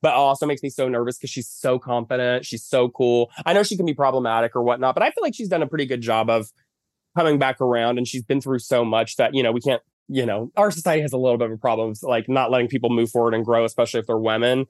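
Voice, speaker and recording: Man, casual podcast guest, rambling storyteller, mid pitch, dry sound. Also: fast talker, dry recording. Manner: chatty storytelling with lots of fillers. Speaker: podcast guest, makeup artist. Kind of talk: casual chat. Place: at home lying in bed.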